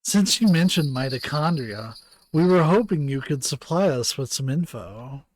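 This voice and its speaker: Man voicing a calm young policewoman. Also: on the high side, normal speed, dry recording. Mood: businesslike.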